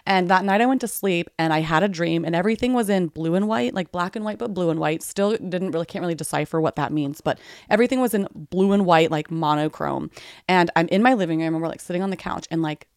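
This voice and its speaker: Co-host, woman in her thirties, lower-pitched, chatty storyteller, dry close sound. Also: fast talker, darkish tone, no echo. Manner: chatty storyteller, acts out quoted voices. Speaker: podcast co-host. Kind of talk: casual chat.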